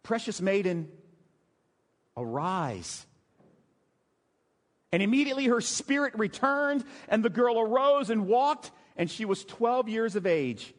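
A man preaching a sermon, telling a scripture story in an animated way, dropping to hushed emotional tones at key moments. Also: extremely high pitch, normal speed, hardly any pauses. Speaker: pastor. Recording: long hall reverb.

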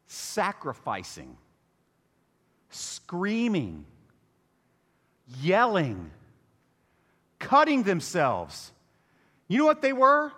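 A man's voice: high voice, long reverb tail. A man preaching a humorous sermon as pastor, telling the story with jokes and asides. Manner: animated, joking storyteller. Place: church sanctuary.

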